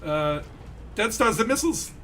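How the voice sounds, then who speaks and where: A young man giving animated gameplay commentary as a streamer, yelling when things get exciting. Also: high-pitched, moderate pace, a little hiss or hum. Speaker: game streamer.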